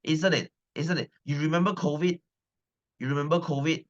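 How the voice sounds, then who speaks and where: A man's voice: on the high side, steady tone, moderate pace, muffled recording. Chatty Malaysian man teaching class. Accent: Malaysian English. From Selangor, Malaysia. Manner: chatty, repeats phrases, keeps asking "right?". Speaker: science teacher. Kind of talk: casual class talk with students.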